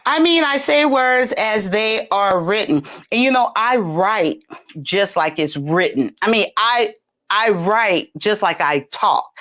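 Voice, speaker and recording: A middle-aged woman with a Southern accent hosting a casual livestream, chatty and laughing often, with sudden jumps in pitch. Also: expressive, slow, a bit bright. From California. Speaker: livestream host.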